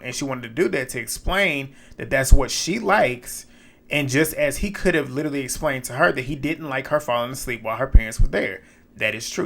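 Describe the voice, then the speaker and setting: A man's voice: medium pitch, creaky, fairly bright tone. Exasperated man recapping a dating show. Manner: blunt, exasperated, laughs often while retelling. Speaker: recap commentator. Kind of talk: casual reality show recap and commentary.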